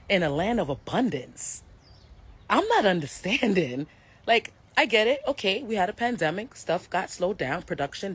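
Low-voiced woman ranting on a live stream. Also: slightly rough. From United States. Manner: heated, blunt, swears freely, talks to viewers directly. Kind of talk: casual live-stream rant.

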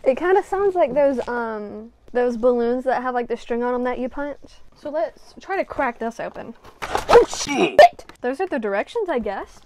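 Higher-voiced woman, self-deprecating muttering. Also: animated, moderate pace, hardly any pauses, a little mellow, a little hiss or hum. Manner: self-deprecating, swearing, muttering to herself while working. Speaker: vlogger. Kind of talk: casual crafting vlog. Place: her bedroom at home.

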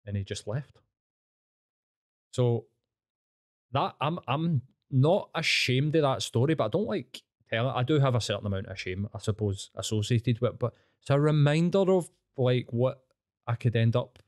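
This thirty-something man from Scotland has a Glaswegian accent, a medium-pitched voice with lively intonation, and a normal speaking speed, recorded without room sound. He's a podcast guest rambling through candid, blunt stories, swearing and frequently restarting.

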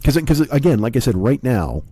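A man in his forties with a hoarse, sick voice, rambling and swearing through a casual podcast monologue at home. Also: medium pitch, sing-song, fairly quick, dark tone, dry recording. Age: 40s. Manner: profane, rambling, self-deprecating. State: hoarse, sick with a sore throat. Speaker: comedy podcast host.

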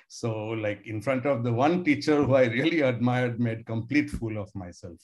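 A professor from India in his 60s tells stories to students in a lecture, speaking casually and musingly with plenty of hedging fillers. His voice is medium-pitched and darkish, at a moderate pace, with a little hiss or hum in the background.

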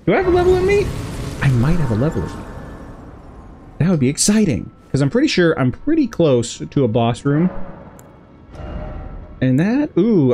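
Playful gamer with wildly swooping pitch. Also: a little mellow. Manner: playful and giggly, talking to enemies and humming along. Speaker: video game streamer. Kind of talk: let's play commentary. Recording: game music playing behind.

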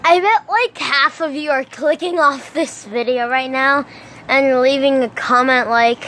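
A woman vlogging casually on her phone outdoors, playful and excitable, making silly sound effects and letting out sudden yelps. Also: sits high, a little slow. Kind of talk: casual vlog commentary. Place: outdoors in a storm. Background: thunder and rain noise.

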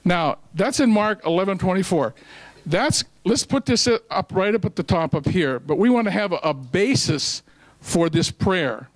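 A man's voice: sits high, expressive, normal speed, no echo, low-quality recording. A man preaching a sermon at a ministry meeting, telling a folksy story and quoting scripture, with restarts along the way. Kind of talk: sermon with a joke told along the way.

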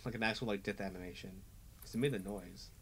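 A man's voice: lowish voice, fast talker, a bit bright, a little hiss or hum. A man hosting a casual let's play, commenting on the game in an exasperated way and swearing freely.

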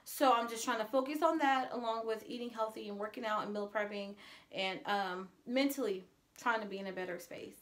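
A woman speaks in a slightly high voice, chatting to her viewers in a casual personal vlog. She sounds earnest and open, like she is confiding in them, and at moments she gets emotional. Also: a little fast, a bit bright. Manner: earnest, confessional, at times emotional. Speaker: vlogger.

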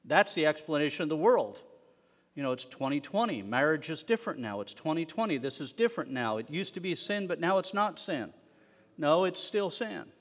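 A man preaching a sermon to his congregation, animated, swinging between loud emphasis and hushed asides. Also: fairly high pitch, a little fast. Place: synagogue sanctuary. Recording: long reverb of a worship hall.

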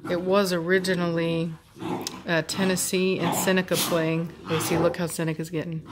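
Woman dog breeder, casual home vlog narration, slightly low pitch, amused and chatty. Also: noisy background. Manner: chatty, amused, laughs often. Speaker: dog breeder filming her dogs. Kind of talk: casual running commentary. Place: home with dogs playing nearby.

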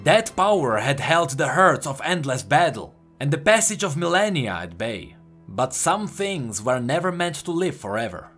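A man from the Czech Republic narrating a fantasy story in an expressive, dramatic reading. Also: fairly high pitch, moderate pace. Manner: expressive, animated. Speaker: lore narrator. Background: faint background music.

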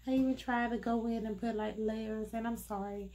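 A woman's voice: fairly high pitch, steady tone, warm tone. A woman hosting a casual wig review vlog, chatty and full of fillers, talking through a congested, sinus-blocked nose. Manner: unhurried, chatty, many fillers. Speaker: wig reviewer, channel host.

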